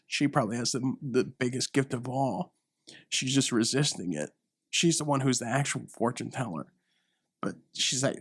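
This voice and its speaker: A man's voice: mid-range voice, normal speed, husky, no echo, studio quality. A young man hosting a comedy show, rambling through an improvised bit, acting out characters and laughing at his own jokes. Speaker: comedy podcast host.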